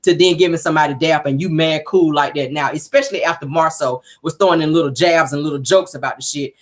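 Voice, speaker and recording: A woman recaps a reality show casually and at a quick pace. She's blunt and sassy, swears freely, and acts out quotes with big leaps in pitch.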